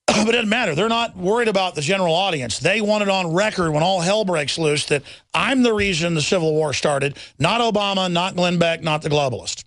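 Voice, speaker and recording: Ranting in a heated, rambling way, a middle-aged talk radio host reads out headlines and repeats himself whenever he gets worked up. His voice sits high, a bit bright, and a little fast, with no echo.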